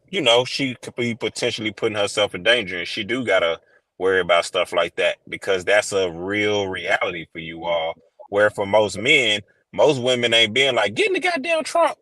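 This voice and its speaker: A man's voice: low-pitched, sharp tone, no echo, rough recording. A man co-hosting a casual podcast chat, telling stories in a laid-back, slangy way with frequent laughs. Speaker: podcast co-host.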